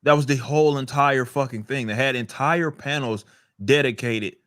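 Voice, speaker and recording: A man's voice: medium pitch, normal speed, a bit bright, no room sound. A man chatting on a podcast, ranting and swearing, often repeating words as he thinks. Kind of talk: casual podcast chat.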